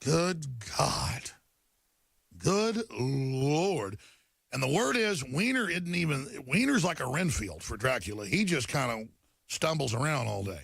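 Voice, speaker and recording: A man's voice: medium pitch, sing-song, unhurried, creaky, fairly bright tone, breathy edge, dry recording. A man hosting a talk show, ranting emphatically through news headlines and stumbling over repeated words. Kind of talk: talk radio monologue reading headlines.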